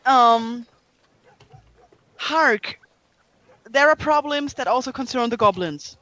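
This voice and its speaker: A woman's voice: on the high side, animated, slow pace, bright, forceful tone, no echo, highs cut off. A woman playing a tabletop game, speaking in character, hesitant and earnest with many fillers. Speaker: player.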